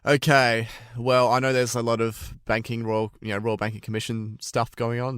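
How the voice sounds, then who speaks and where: A man chats casually as a podcast co-host. His voice is smooth and resonant, and the recording is dry and close. He talks in a relaxed way, with plenty of fillers and restarts. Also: medium pitch, unhurried, no room sound. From Australia.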